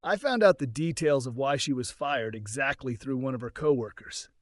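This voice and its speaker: A man's voice: mid-range voice, normal speed, no room sound, studio quality. A man telling a first-person story in an earnest, conversational way.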